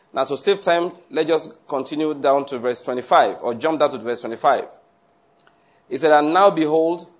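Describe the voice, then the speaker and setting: A man preaching a sermon, reading scripture aloud and explaining it in an earnest, conversational way with asides. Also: a little high. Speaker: pastor.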